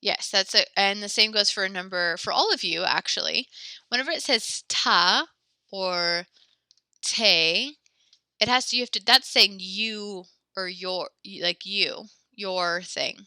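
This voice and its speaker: A woman's voice: medium pitch, a little slow, bright, forceful tone, no room sound. A woman teaching a French class, patiently explaining grammar step by step and giving encouraging feedback.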